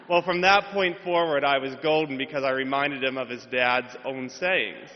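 A man's voice: medium pitch, moderate pace. A male priest giving a homily, telling a humorous, self-deprecating story in a church. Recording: reverberant hall, dull sound.

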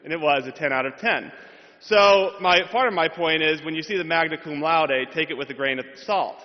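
Fairly high-voiced priest giving a homily. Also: male voice, normal speed. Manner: humorous, self-deprecating storytelling. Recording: reverberant hall, dull sound.

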